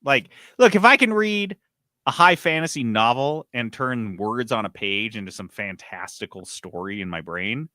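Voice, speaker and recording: A man co-hosting a gaming podcast in casual chat, animated and swearing freely as he tells stories. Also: mid-range voice, normal speed, no room sound, studio quality. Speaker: podcast co-host.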